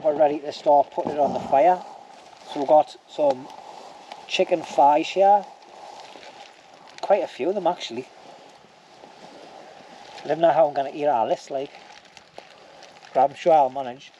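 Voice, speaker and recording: Chatty man with a mellow voice. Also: fairly high pitch, normal speed, long pauses, dull audio, a little hiss or hum. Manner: chatty and joking, with lots of "anyway" and "like". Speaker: bushcraft vlogger. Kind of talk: casual outdoor vlog narration. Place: woods outdoors by a campfire.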